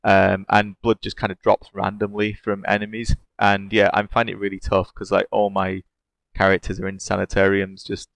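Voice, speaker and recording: Gravelly enthusiastic man chatting. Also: lowish voice, completely flat delivery, normal speed, a bit bright, no room sound. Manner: enthusiastic, laughing often. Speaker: podcast co-host discussing games. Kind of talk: casual chat.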